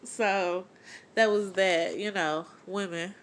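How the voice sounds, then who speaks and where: A woman's voice: medium pitch, slow. A young woman vlogger recapping a reality show in casual, slangy, gossipy chat, talking animatedly as she acts out bits of what people said. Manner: chatty, slangy, animated gossip with acted-out quotes.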